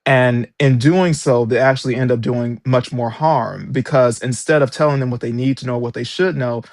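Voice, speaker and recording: A man's voice: medium pitch, fairly even intonation, normal speed, a little mellow, no room sound. Man, interview guest, emphatic, indignant storyteller, dry close recording. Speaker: author and former substitute teacher. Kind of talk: interview guest recounting experiences.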